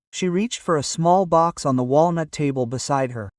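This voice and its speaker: A man reading a detective story aloud as narrator in an even, measured way. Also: a little high, dry recording, studio quality, far from the mic. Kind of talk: scripted audiobook narration.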